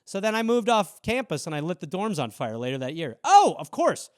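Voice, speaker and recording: A man's voice: fairly high pitch, very animated, brisk, clear, resonant tone, no room sound, clean studio sound. A man, hosting a casual solo show and riffing loosely on viewer suggestions in a rambling, self-mocking way. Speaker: host.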